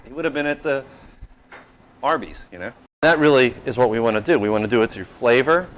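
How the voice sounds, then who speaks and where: A man in his fifties, a chef and restaurant owner, telling anecdotes in a lively, casual way. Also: medium pitch, moderate pace, a little hiss or hum, poor audio. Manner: animated anecdotal, plays out quotes. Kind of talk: casual storytelling interview.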